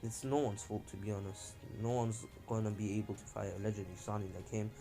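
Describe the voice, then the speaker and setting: A man's voice: lowish voice, steady tone, fast, music in the background, lightly acted. A man voicing a cocky, blunt teenage ninja boy in his ordinary, offhand voice.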